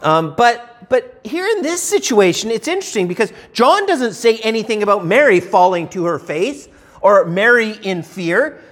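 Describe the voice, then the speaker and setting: A man's voice: high voice, big pitch swings, moderate pace, a bit bright. A man preaching a sermon in a conversational teaching style, posing rhetorical questions and often repeating words as he restarts his sentences.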